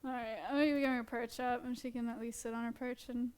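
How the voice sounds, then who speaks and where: A woman's voice: on the high side, little pitch movement, fast, clear, resonant tone. A woman hosting a live stream, chatting casually and directly with her viewers while she works with an animal. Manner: chatty, addresses her chat directly, light laughs. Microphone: wearing headphones at a streaming setup.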